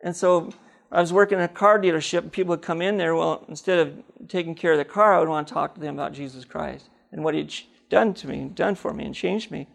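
A middle-aged man telling his personal faith testimony, animated, acting out the dialogue in his story. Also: fairly high pitch, fast, creaky.

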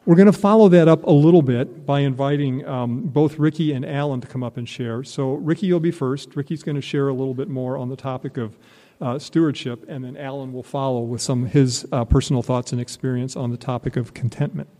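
A man's voice: medium pitch, fairly even intonation, a little fast, mellow. A man hosting a class, earnestly introducing the next speakers. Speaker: class host. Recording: long reverb of a hall.

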